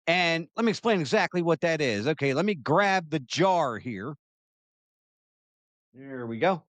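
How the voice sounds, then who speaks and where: A man's voice: fairly high pitch, lively intonation, moderate pace, fairly bright tone, dry recording. Chatty self-deprecating man hosting. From Maryland. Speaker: show host. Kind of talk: casual monologue to camera.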